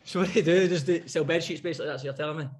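A man's voice: a little high, very fast. A Scottish man with a slightly raised voice co-hosts a loose radio chat. He jokes and teases his co-host. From Scotland.

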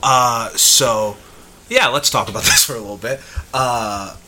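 A young man co-hosting a podcast in casual chat, animated and jokey. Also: mid-range voice, a little slow, background noise. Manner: animated, jokey, bursts into loud put-on voices. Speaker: podcast co-host.

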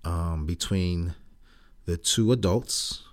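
A man with a low, deep voice co-hosts a relaxed podcast conversation. He talks in halting stretches full of fillers and restarts, and slips into teasing, jokey banter. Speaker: podcast co-host. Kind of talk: casual chat.

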